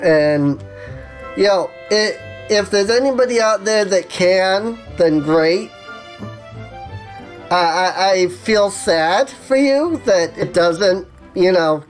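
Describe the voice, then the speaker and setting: A woman streamer chats casually about a game she loves. Her talk is slow, halting and openly emotional, with a self-conscious edge. Faint game music runs in the background. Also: on the low side. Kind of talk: casual livestream commentary.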